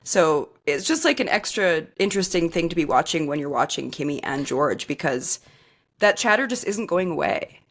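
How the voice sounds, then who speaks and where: A woman's voice: low-pitched, big pitch swings, normal speed. A woman co-hosting a sports podcast in casual chat, talking loosely with lots of filler words and easy laughter. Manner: chatty, many "like" fillers, laughs easily. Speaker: podcast co-host.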